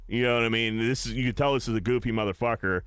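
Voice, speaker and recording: A young man hosting a podcast, telling an animated, profane story in casual chat and acting out other people's lines. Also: mid-range voice, racing, clean tone, no room sound, studio quality. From Pittsburgh area, USA. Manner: animated storyteller, swears a lot, acts out customers' lines. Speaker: podcast host.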